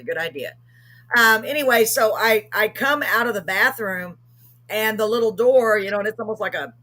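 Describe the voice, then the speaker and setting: A woman with a husky, slightly breathy voice tells a long story as host of a live show. She rambles casually, full of ums and quick self-corrections. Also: medium pitch, fairly bright tone.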